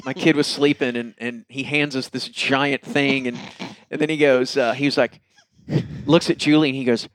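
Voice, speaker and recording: A man's voice: mid-range voice, normal speed, no room sound, studio quality. A man, casually telling funny stories on a podcast and acting out what people said. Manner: laughing, animated anecdotes with quoted voices. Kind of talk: casual storytelling chat.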